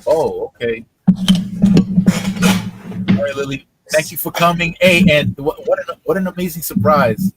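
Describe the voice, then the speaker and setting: A man hosting a casual live stream, chatting with viewers in an animated way, laughing often and repeating his words. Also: fairly high pitch, moderate pace, pauses often, a little hiss or hum. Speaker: livestream host.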